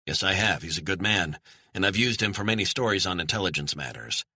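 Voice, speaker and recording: A man's voice: deep voice, lively intonation, fairly quick, bright, forceful tone, breathy edge, no echo, studio quality, exaggerated voice. A man voicing an earnest journalist urging a skeptical colleague to believe his source. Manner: earnest, persuasive.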